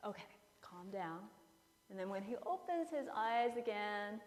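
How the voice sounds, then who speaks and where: A woman in her fifties, a pastor preaching a sermon and telling a story in a lively way, acting out the people in it. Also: mid-range voice, measured pace. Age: 50s. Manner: storytelling, acting out characters with playful asides. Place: church sanctuary. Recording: long church reverb.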